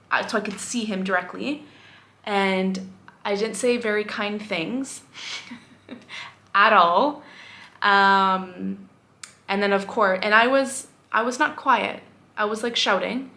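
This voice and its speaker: A woman's voice: medium pitch, a little slow, sharp tone. A young woman teacher talking candidly to camera in a casual vlog, rambling and reflective with frequent fillers. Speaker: vlogger.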